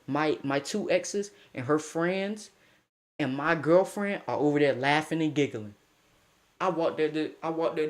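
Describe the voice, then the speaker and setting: A young man casually telling a story, animated, slangy and breaking into laughing asides. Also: fairly high pitch.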